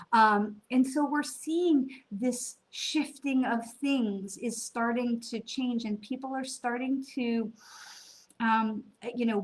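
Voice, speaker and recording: A middle-aged woman from the United States, a psychic medium chatting casually to viewers with many fillers and quoted asides. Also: fairly high pitch. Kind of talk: casual spiritual talk to viewers.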